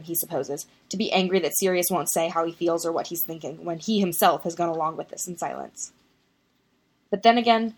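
A woman narrates a piece of fiction in an expressive, intimate reading voice. Her voice sits a little low for a woman, and the narration stays steady and close. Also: slightly rough.

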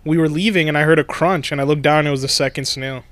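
A man's voice: a little high, quick pace, no room sound. A young man co-hosting a podcast, telling stories in casual chat and laughing often. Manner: laughing, animated storytelling. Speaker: podcast co-host.

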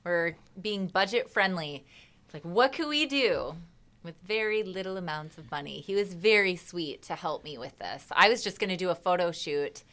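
A woman's voice: fairly low pitch, normal speed, few pauses, fairly bright tone. A woman, a singer, chatting as a guest in an interview and acting out her own reactions as she tells a story. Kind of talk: casual interview chat.

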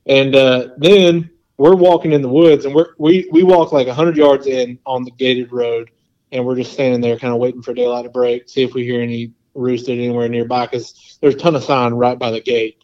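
A man in the middle of a long, rambling story, full of "like" and quoted back-and-forth. His voice sits at an ordinary middle pitch. The recording sounds a little dull and lo-fi. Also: steady tone, normal speed, a little mellow. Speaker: podcast guest. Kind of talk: casual storytelling.

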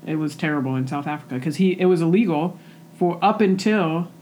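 A woman's voice: sits low, a little mellow, a little hiss or hum. Upbeat young woman podcast co-host. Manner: chatty, upbeat, quick laughs. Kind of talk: casual chat. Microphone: microphone resting on a pillow.

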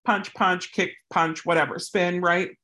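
A woman's voice: on the low side, fairly even intonation, a little slow, sharp tone. A woman who handles service dogs, answering a viewer's question in a casual, rambling way with plenty of tangents. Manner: rambling, goes off on tangents, chatty. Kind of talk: casual advice vlog.

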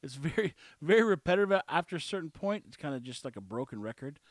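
A man's voice: on the high side, sing-song, quick pace, no room sound, studio quality. A man hosting a podcast, giving blunt, sarcastic casual commentary on a clip he plays. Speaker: podcast host.

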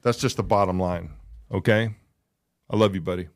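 A man's voice: deep voice, steady tone, moderate pace. A man co-hosting a casual talk show, speaking emphatically and repeating phrases to drive points home. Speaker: podcast co-host. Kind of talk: casual chat.

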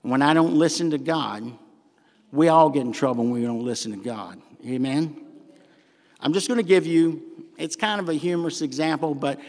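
An older man with a Southern accent preaching a sermon in a church, folksy and animated with humorous asides. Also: a little high, normal speed. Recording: long hall reverb.

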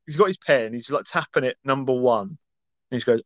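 A man rattles along at a quick clip in a casual sports chat, blunt and sweary in his banter. His voice sits in a middle register. The sound is dry and a little dull, like a lo-fi recording. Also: medium pitch, dry recording. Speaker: podcast co-host.

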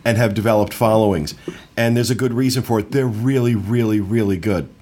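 A man with a fairly low voice hosts a relaxed podcast conversation. He rambles as he talks and leans on ums and uhs to hold the floor. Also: fairly quick. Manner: rambling, with many fillers. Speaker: podcast host. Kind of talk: casual chat.

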